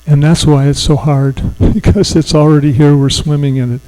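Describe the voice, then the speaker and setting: A man giving a reflective, conversational spiritual talk, asking gentle questions and laughing easily. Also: a little high, level tone, normal speed, rough recording. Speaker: spiritual speaker. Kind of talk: sermon.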